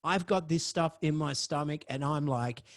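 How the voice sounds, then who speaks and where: A man with a fairly high voice tells his own story on his podcast. He swears freely and piles on dramatic words. He swings between loud outbursts and hushed asides. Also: moderate pace. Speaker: podcast host. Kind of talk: personal storytelling.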